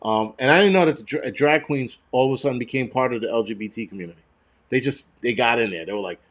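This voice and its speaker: A man's voice: mid-range voice, sing-song. Angry, foul-mouthed man ranting. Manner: angry, profane and blunt; halting restarts and repeated words. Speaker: livestream host. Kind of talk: live-streamed rant.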